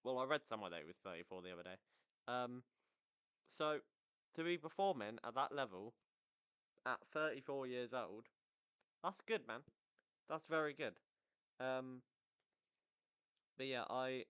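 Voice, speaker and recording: Young man, smooth resonant voice, slightly muffled lo-fi mic, close-miked, rambling casual chat, self-mocking. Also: medium pitch, normal speed, pauses often, a bit bright. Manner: rambling and self-mocking, trips over words. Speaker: football podcast host.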